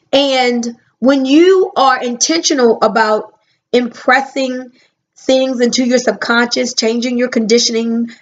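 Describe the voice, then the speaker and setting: A woman giving a motivational talk, emphatic, stretching her key words out slowly. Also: high voice, muffled recording. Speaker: motivational speaker.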